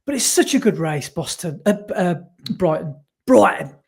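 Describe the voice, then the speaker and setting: A man's voice: high-pitched, big pitch swings, brisk, a little mellow, slightly rough. A man co-hosting a casual podcast, chatty and rambling, often correcting himself mid-sentence. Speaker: podcast co-host. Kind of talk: casual chat.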